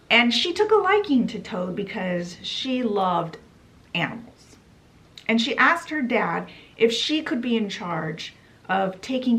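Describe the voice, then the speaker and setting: Chatty, unhurried woman retelling a story. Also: fairly high pitch, fairly bright tone, low-quality recording. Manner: chatty, playful, with dramatic asides. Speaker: book channel host. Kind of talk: casual story summary.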